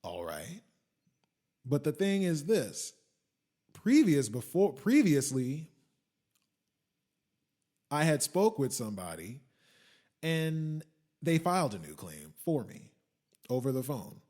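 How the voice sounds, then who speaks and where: Profane ranting man, fairly high voice. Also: sing-song, slow, long pauses. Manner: profane, ranting, swings from muttering to shouting. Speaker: podcast host. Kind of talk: ranting monologue.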